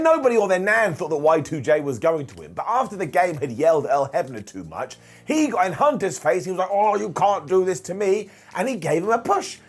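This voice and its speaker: A man's voice: fairly high pitch, husky. Wry man narrating a countdown. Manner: wry and jokey, mimics people in asides. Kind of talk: scripted list narration.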